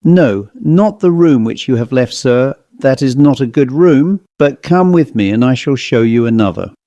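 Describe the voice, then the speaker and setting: A man's voice: medium pitch, expressive, normal speed, dark tone, no room sound, highs cut off, close to an everyday voice. A man voicing a grave, insistent head waiter with a French accent. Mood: stern.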